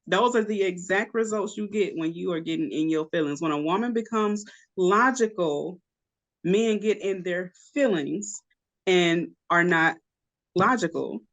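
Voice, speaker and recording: A woman's voice: fairly low pitch, a little slow, a bit bright, low-quality recording. A woman co-hosting a podcast in casual chat, talking in an emphatic, argumentative way. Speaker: podcast co-host.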